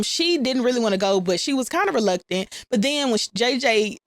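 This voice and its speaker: A recap channel host, a woman, casually retells a TV episode in slangy, informal talk, calling her viewers y'all and playfully acting out the characters' lines. Her voice is fairly high and expressive, quick with few pauses, and there's no room sound.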